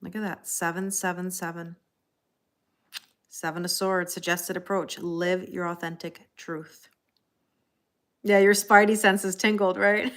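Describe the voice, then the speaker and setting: A woman's voice: mid-range voice, fairly even intonation, normal speed, fairly bright tone. A middle-aged woman hosting a live tarot reading, chatting casually, laughing often and answering viewers' comments. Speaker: tarot reader hosting a livestream.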